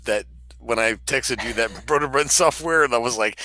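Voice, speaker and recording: A man co-hosting a prank-call show in casual chat, excitable and quick to laugh, often stumbling over his words. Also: mid-range voice, no echo. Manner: excitable, laughs a lot, stammers. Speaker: podcast co-host.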